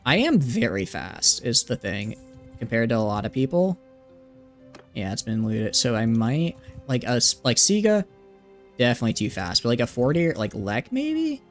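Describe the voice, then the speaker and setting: A man in the middle of a live stream, commenting on his game in a loose, joking, rambling way. His voice sits at an ordinary mid pitch and he leans on "like" a lot. Faint game music plays quietly behind him. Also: very animated, moderate pace. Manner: playful, rambling, lots of "like" fillers. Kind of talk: casual live gameplay commentary.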